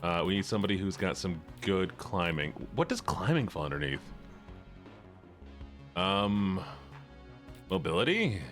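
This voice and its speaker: An excitable male streamer chats with viewers while he plays. His voice swings in pitch, with faint game music under it. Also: unhurried, long pauses. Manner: excitable, chatty with chat. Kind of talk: live game stream commentary.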